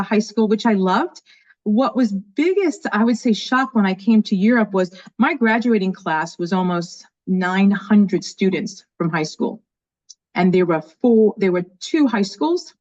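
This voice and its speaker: A woman in her fifties from New York, with a New York accent, talking as an enthusiastic, energetic guest in an interview. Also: mid-range voice. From New York, USA. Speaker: guest, education leader. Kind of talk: casual interview chat. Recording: dull lo-fi audio.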